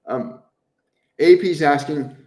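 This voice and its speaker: A gentle, earnest man with a slightly raised pitch speaks a little away from the mic in a roomy, echoing space. He repeats his phrases over and over for emphasis as he answers viewers on a live stream, with the occasional soft laugh. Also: distant mic. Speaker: spiritual medium hosting a live stream. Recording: roomy echo, voice somewhat off-mic.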